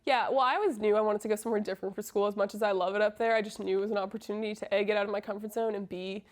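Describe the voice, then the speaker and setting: A college soccer player in her twenties, originally from Massachusetts, talks through interview questions in a casual, friendly way. Her pitch stays fairly level and flat, and she leans on "um" between thoughts. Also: rapid-fire. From Massachusetts, USA. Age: 20s. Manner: friendly, lots of um fillers.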